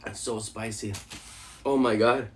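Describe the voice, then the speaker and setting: A man's voice: on the low side, fairly even intonation, a little slow. A man hosting a casual live stream while eating, joking and laughing often with his chat.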